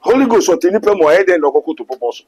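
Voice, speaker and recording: Ghanaian male preacher, animated delivery with a husky edge, leads a call-and-response. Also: high voice, very fast, low-quality recording. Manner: emphatic, quotes scripture, mixes English and Twi.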